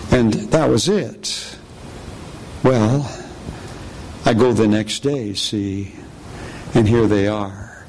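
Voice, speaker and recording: A man preacher telling a personal testimony in a sermon, animated storytelling that slips into the voices of the people in his story. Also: very slow, pauses often, a little hiss or hum. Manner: storytelling, acts out quoted voices with pitch jumps.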